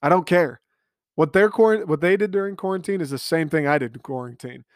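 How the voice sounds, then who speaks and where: A man's voice: on the high side, a little fast, no room sound. Profane man ranting on a dry mic. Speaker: podcast host. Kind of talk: casual solo podcast rant. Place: home family room, alone.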